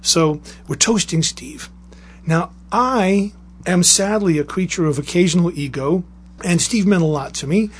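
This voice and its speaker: Husky man telling a lively story. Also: high-pitched, unhurried. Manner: lively anecdotal storytelling with restarts. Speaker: author and guest reader. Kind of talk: storytelling and reading aloud.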